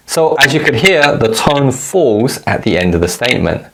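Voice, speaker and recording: A man teaching a recorded language lesson, giving clear, measured explanations and modeling example phrases for learners to repeat. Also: mid-range voice, sing-song, fairly bright tone.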